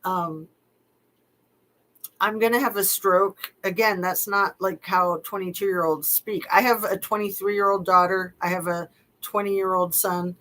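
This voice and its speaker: A woman's voice: mid-range voice, fairly even intonation, measured pace, fairly bright tone, poor audio. A middle-aged woman reading text messages aloud and commenting on them casually, with wry, skeptical asides and frequent fillers. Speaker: true-crime commentator.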